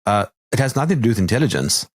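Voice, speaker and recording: A man from South Africa hosting a casual interview over a video call, animated and quick to laugh. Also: lowish voice, breathy edge, dry recording, clean studio sound. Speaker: podcast host.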